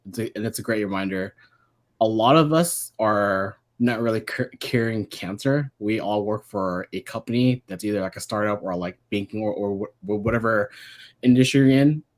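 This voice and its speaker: A man's voice: on the low side, normal speed. A man speaking as a guest on a live show, casual and rambling, with many fillers. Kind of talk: casual panel chat.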